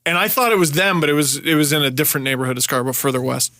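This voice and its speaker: A podcast host in his thirties from Canada, telling a story with lots of energy and swearing. His voice is bright and fairly high for a man, and it sits in a dry room with no echo. He shouts when he acts out the lines he quotes. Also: very fast. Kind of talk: casual storytelling chat.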